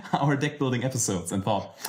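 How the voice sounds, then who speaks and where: A man's voice: medium pitch, normal speed, a little mellow, a little hiss or hum. Laughing man on a game podcast. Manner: chatty, laughs often. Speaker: podcast co-host. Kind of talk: casual chat, reading listener mail.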